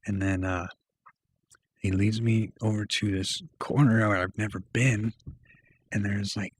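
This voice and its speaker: A man's voice: lowish voice, steady tone, unhurried, slightly rough. A young man telling a personal story to camera in a rambling, slangy way, full of fillers. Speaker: vlogger. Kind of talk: casual storytelling.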